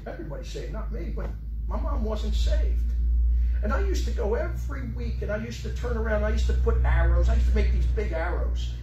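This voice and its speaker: A man preaching a sermon, telling a personal story with emotion, his voice dropping soft and rising again. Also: high-pitched, roomy sound, distant mic, lo-fi sound, noisy background. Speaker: pastor. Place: church sanctuary.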